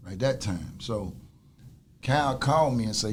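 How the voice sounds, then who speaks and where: A man's voice: medium pitch, lively intonation, a little slow, pauses often, slight background noise. A middle-aged man in casual conversation, retelling a story in a laid-back way with quoted dialogue.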